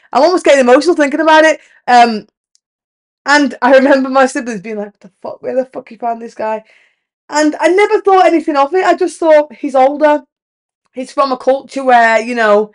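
A woman, hosting a podcast in a frank, chatty confessional monologue full of fillers and casual swearing. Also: high voice. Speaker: podcast host.

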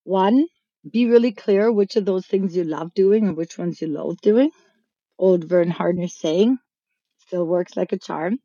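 A woman's voice: lowish voice, measured pace, dark tone, husky, dry recording. A woman business coach and author answering interview questions in a frank, emphatic, persuasive way. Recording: slightly dull lo-fi sound.

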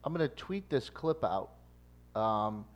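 A man in his forties hosting a casual chat, telling stories with lively quoted shouts. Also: measured pace. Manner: animated storyteller, jumps high for quoted shouts. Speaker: podcast host.

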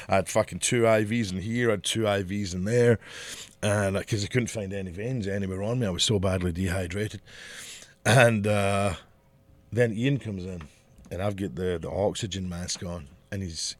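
Profane storytelling podcast man, low voice. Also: no echo. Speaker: podcast co-host. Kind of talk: casual chat.

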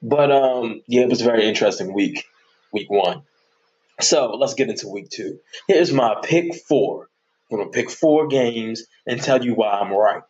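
A man's voice: medium pitch, moderate pace, darkish tone, highs cut off. A man hosting his own sports podcast, chatting casually and animatedly as he jokes through his predictions and picks.

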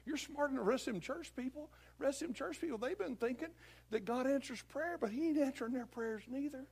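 A preacher putting on a sly, wheedling devil. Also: male voice, very high-pitched, fairly quick, vocal fry, breathy edge, voice pushed up, exaggerated voice. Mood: sly flattering. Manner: coaxing, confiding, hushed and flattering. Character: sly flattering male devil, wheedling tempter. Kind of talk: sermon with acted voices.

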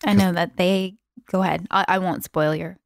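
A woman's voice: fairly low pitch, fairly even intonation, normal speed, vocal fry, no room sound, studio quality. A woman co-hosting a casual chat podcast, chatty and full of "like". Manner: chatty, uses "like" a lot. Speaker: podcast co-host.

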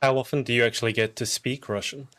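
A man's voice: medium pitch, fairly even intonation, quick pace, fairly bright tone. A man with a mid-range voice hosting a podcast interview. He asks curious, friendly questions in an easy, casual way. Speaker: podcast host.

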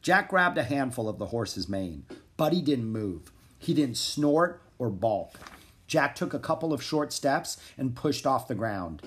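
A man narrating a children's chapter book in a calm, even reading voice. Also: mid-range voice, a little slow. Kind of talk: storybook narration.

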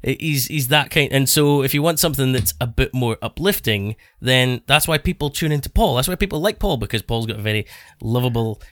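A man's voice: mid-range voice, animated, a little fast, few pauses, fairly bright tone, dry recording, studio quality. A man with a Scottish accent co-hosting a podcast, talking in a chatty, joking way with frequent restarts. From Scotland. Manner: chatty, restarts often, jokey asides. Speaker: podcast co-host. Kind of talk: casual podcast chat.

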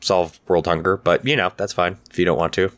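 A man's voice: low voice, fairly even intonation, a little fast, a bit bright. A man chats loosely on a podcast, trailing off into "you know" and dropping casual swears. He sounds laid-back and easily amused. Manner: laid-back, profane, laughs a lot. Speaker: podcast co-host. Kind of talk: casual chat.

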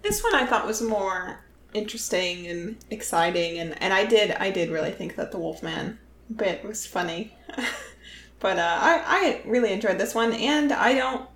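A woman's voice: mid-range voice, animated, normal speed, a bit bright. A woman in a casual podcast chat who starts her sentences over and picks her words hesitantly. Her voice sounds roomy and echoey, with a faint ambient hiss behind it. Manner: hesitant, with restarts. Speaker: podcast co-host.

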